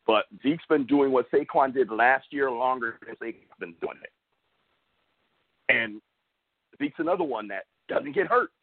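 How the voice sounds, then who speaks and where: A man's voice: mid-range voice, breathy edge, dry recording. A man hosting a sports talk show, ranting and mocking rival fans in an opinionated way. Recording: tinny phone-like audio, dry.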